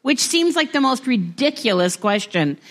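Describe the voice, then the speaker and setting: A woman's voice: a little high, very animated, normal speed. A woman pastor preaching to a congregation, talking plainly and rising to emphatic exhortation. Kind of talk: sermon. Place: church hall before a congregation.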